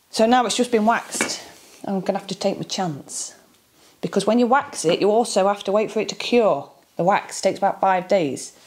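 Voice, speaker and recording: A woman's voice: mid-range voice, darkish tone. A middle-aged woman chatting casually as a dog groomer, rambling and homely about her DIY project. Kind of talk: casual DIY vlog chat.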